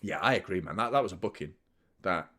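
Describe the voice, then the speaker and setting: A man hosting a live football watchalong, chatting opinions and commenting on play, swearing freely and getting loud at big moments. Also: low voice, expressive, fast talker. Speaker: host of a football fan channel.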